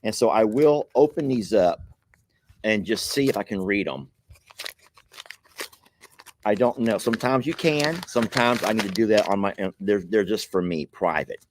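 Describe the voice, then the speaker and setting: A man's voice: fairly low pitch, expressive, moderate pace, pauses often, a little hiss or hum. A man, chuckling and grateful as he hosts a casual chat, reading viewer mail aloud. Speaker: channel host opening viewer mail.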